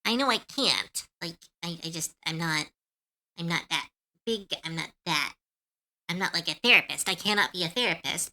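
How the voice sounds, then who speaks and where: A woman streamer chats with her viewers in a bright, forward voice that swings widely in pitch. She sounds earnest and comforting, and her talk is loose and full of fillers. Her voice sits a little low for a woman. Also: expressive, normal speed. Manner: laughs easily when unsure. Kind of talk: casual chat with chat viewers.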